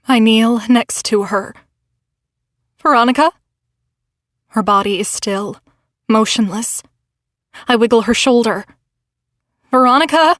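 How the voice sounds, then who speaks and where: A woman's voice: fairly high pitch, fairly even intonation, measured pace, no echo, clean studio sound. A woman narrating a novel in the first person with dramatic, tense storytelling. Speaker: audiobook narrator.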